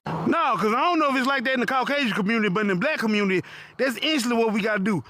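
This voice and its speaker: Guy telling a cussing funny story, super high bright voice, animated and punchy. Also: rapid-fire, no echo, studio quality. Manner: animated, profane, punchy asides. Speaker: comedic storyteller. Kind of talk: profane comedic storytelling.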